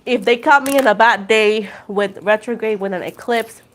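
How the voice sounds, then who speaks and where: Puerto Rican woman in her twenties, fairly high voice, casual chatty tarot host, laughs often. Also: normal speed. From Puerto Rico. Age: 20s. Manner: laughs often, switches between English and Spanish. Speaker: tarot reader livestream host. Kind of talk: casual livestream chat.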